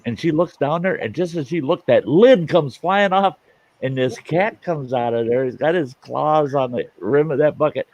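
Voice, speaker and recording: A man's voice: a little high, normal speed, darkish tone, no echo, highs cut off. A man hosting a show, telling a folksy campfire story in casual talk and chuckling through it. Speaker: storyteller host.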